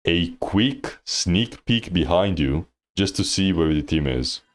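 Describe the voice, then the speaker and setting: Deep-voiced laid-back male game coach. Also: expressive, slow pace. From Thailand. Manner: laid-back, slangy, teasing, laughs often. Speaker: game coach reviewing gameplay. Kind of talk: casual livestream coaching commentary.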